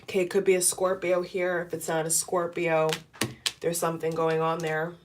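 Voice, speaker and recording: Low-pitched woman reading tarot to camera, earnest and repetitive, light noise underneath. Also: monotone, normal speed. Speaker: tarot reader.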